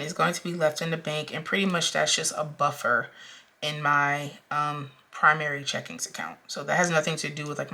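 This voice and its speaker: A woman's voice: low voice, creaky, bright, forceful tone. A young woman talking casually through her budget as a vlogger, counting out amounts aloud with frequent ums. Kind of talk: casual talk-through while cash stuffing.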